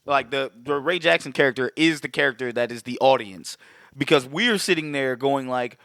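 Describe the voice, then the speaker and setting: A man's voice: medium pitch, normal speed, vocal fry, no room sound. A man co-hosting a podcast, chatting casually and profanely about a film and acting out its lines. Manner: profane, animated, acts out movie quotes. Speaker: podcast co-host. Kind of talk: casual film recap chat.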